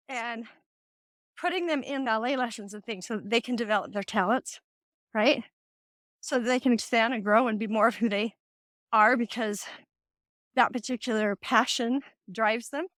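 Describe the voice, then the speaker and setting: Animated middle-aged woman, dry close sound. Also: a little high, moderate pace, pauses often, no room sound. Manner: animated storytelling, acting out quoted voices. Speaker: host. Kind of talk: casual faith-based talk.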